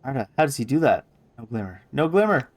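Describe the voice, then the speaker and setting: Man doing a cranky old seamstress who mutters to herself, sing-song, voice jumps high. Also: animated, normal speed, lightly acted. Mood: muttering, cranky.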